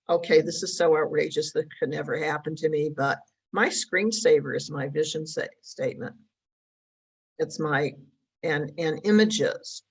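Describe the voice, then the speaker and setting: A woman speaking as a guest in a conversational interview, reflective and quick to laugh lightly. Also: low-pitched, breathy edge. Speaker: podcast guest. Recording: voice sounds distant from mic.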